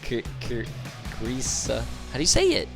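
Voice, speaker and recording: A man's voice: medium pitch, huge pitch swings, a little slow, creaky, over loud music. A male streamer chatting casually and joking around, repeating words as he tries out pronunciations.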